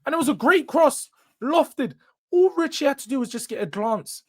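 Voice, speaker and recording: A young man hosts a fan reaction show, speaking in a fairly high voice. He rants with frustration, building into sudden loud outbursts before dropping back down. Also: lively intonation, normal speed. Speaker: host. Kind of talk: fan match reaction monologue.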